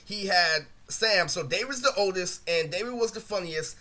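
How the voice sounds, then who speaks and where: A man's voice: sits high, expressive, normal speed, bright, forceful tone. A man telling a long personal story as a vlog, rambling and aggrieved, full of swearing and constant fillers. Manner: aggrieved, ranting retelling. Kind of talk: casual storytime monologue.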